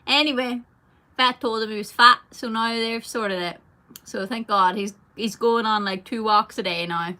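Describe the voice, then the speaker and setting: A woman's voice: a little high, fairly even intonation, moderate pace, pushed and bright. A young woman chatting casually on a live stream, giggly and answering fans' comments. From Ireland. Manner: chatty, giggly, reads fan comments aloud. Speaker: singer streaming to fans.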